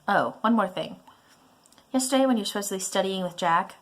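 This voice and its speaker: A woman's voice: mid-range voice, animated, brisk, a bit bright, close to an everyday voice. A woman voicing a controlling, prying middle-aged mother in a browser game, nagging and guilt-tripping. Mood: scolding.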